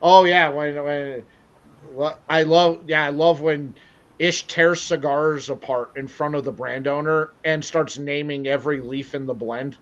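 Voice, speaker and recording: A man's voice: a little high, steady tone, measured pace. A man hosting a casual interview, rambling and self-deprecating with many restarts. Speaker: show host. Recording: dull lo-fi audio.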